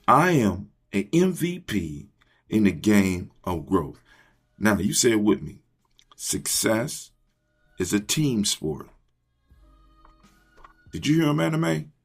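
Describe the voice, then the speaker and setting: A man's voice: fairly low pitch, vocal fry, fairly bright tone, husky. A man hosting a motivational morning talk, leading his listeners in call-and-response and repeating phrases like a preacher. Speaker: host.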